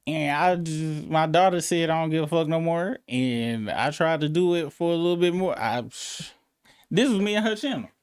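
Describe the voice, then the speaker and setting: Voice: mid-range voice, normal speed, clean tone, no room sound. A live-stream host in casual, profane, rambling chat, breaking into incredulous outbursts.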